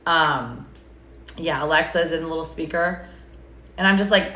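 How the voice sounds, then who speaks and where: Low-voiced sarcastic woman chatting on a live. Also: fairly even intonation, moderate pace, a bit bright. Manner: sarcastic, rambling, swears freely. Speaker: TikTok creator. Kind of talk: casual live-stream chat. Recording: echoey room, faint background noise.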